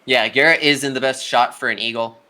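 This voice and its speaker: Bright-voiced casual game commentator. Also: male voice, mid-range voice, steady tone, fairly quick. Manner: casual, chatty, talks to players directly. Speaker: tournament commentator. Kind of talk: live play-by-play commentary.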